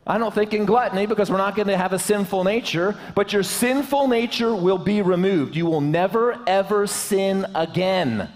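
A man's voice: high voice, normal speed, few pauses, in a large hall. A man preaching a sermon to his church, in a joking, conversational way. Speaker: pastor. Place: church sanctuary.

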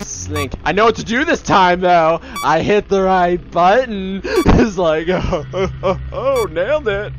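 A man's voice: sits high, poor audio. A man giving casual, self-mocking commentary while playing a horror video game, laughing often. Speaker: let's player.

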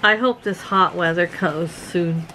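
A woman's voice: on the low side, unhurried, bright, forceful tone, a little hiss or hum, low-quality recording. A middle-aged woman from Canada hosting a casual vlog, giggling often and talking to her viewers like friends. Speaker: vlog host.

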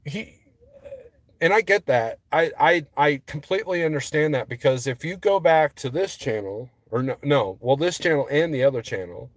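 A man's voice: on the high side, expressive, normal speed, dry recording. A man vlogging as a trucker, rambling casually to his viewers and getting worked up as he talks. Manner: rambling, restarts often, gets heated.

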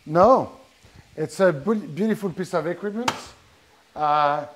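Slightly hissy or humming audio carries the higher-pitched voice of a middle-aged chef from France doing a live cooking demo. He chats to his audience, laying out every step, though his sentences frequently break off and restart.

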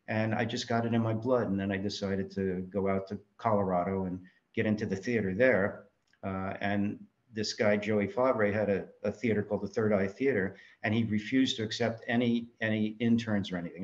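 Older man from New York, low voice, dull lo-fi sound, animated storyteller, acts out quotes. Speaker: guest filmmaker. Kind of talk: storytelling interview answers. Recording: dull lo-fi audio.

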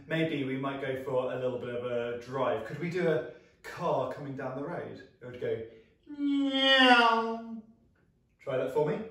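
A young British man leading a children's singing assembly, upbeat and encouraging as he guides vocal warm-ups and sound effects. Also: mid-range voice. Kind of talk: lively music lesson for children. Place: small flat, echoey room. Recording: echoey room, mic at a distance.

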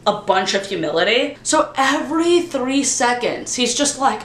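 A woman vlogging a casual book review, animated and sarcastic, swearing freely. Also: high-pitched, moderate pace, hardly any pauses. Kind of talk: casual chat. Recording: echoey room.

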